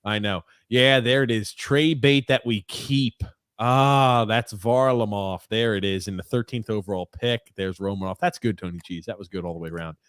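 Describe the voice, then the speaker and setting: Laid-back male podcast co-host, lowish voice, dry and close, reads viewer comments with wry remarks. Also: normal speed, fairly bright tone, smooth, no room sound. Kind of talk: casual sports podcast chat.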